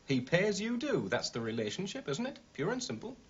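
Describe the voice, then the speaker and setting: Afwijzende architect, levendige intonatie, doffe klank. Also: male voice, high-pitched, huge pitch swings, fairly quick. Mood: dismissive. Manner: clipped, dismissive. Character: curt, defensive male architect. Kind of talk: TV drama acting. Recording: dull TV soundtrack.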